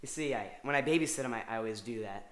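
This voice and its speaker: A young man doing a stand-up comedy routine, telling a story in halting, rambling sentences full of restarts. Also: mid-range voice, a bit bright, echoey room.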